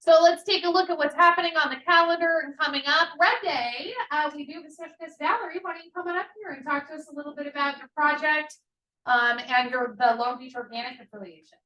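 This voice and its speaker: Bright, high-voiced woman hosting a meeting. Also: quick pace, dull audio. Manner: upbeat, announcing. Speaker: meeting host. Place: office meeting room. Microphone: distant room microphone. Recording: echoey room, voice from far off.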